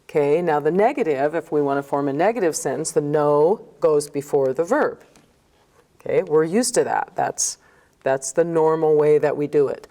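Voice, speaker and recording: A woman's voice: sits low, unhurried, dark tone. A woman teaching a recorded grammar lesson, explaining step by step and checking in with "okay?". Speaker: Spanish teacher.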